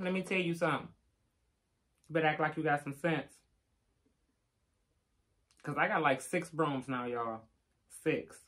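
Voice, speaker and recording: A woman's voice: deep voice, measured pace, long pauses, a bit bright. An older woman, chatting casually on a live stream and reading out viewer names with teasing asides. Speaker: vlogger giving live shout-outs.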